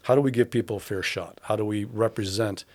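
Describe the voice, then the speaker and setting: A man's voice: fairly low pitch, fairly even intonation, fast talker. A man who directs a theatre, talking thoughtfully in a casual interview, with many fillers and restarts.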